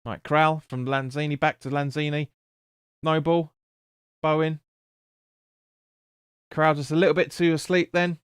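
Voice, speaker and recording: A man's voice: on the high side, flat delivery, unhurried, long pauses, clean tone, dry recording, studio quality. A man streaming a football watch-along, calling the play and answering chat bluntly with swearing. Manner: blunt, sweary, chatty with viewers. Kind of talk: live match commentary and chat reading.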